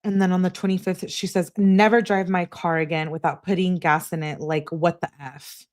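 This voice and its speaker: A woman on a live stream reading text messages aloud in a steady voice, breaking off to answer her chat. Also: on the low side, moderate pace. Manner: flat reading, asides to chat.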